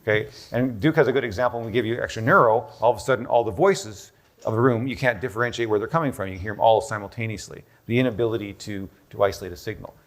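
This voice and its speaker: A man's voice: on the low side, quick pace. A man explaining a health topic on stage, lecturing and thinking aloud, often checking in with "okay?". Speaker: doctor presenting a health protocol. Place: busy room with a live audience.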